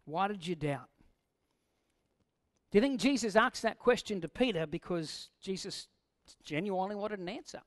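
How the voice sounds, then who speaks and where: High-voiced man preaching conversationally. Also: lively intonation, normal speed, long pauses. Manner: conversational preaching with rhetorical questions; acts out quoted lines in a raised voice. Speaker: pastor. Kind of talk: sermon.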